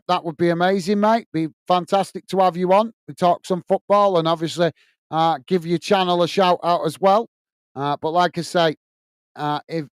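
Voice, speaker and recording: A man's voice: fairly high pitch, smooth, dry recording. A man hosting a live football watch-along, chatting loosely with viewers, reading out their comments and calling the play, often saying "mate". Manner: reads viewer comments aloud. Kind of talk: casual live-stream chat and match commentary.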